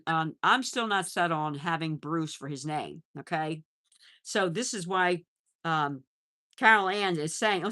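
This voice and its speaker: A middle-aged woman chatting casually on a pet livestream, reading out viewer messages and cooing to her animals. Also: mid-range voice. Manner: chatty, warm baby-talk to pets, reads chat aloud. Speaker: livestream host. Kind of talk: casual live chat.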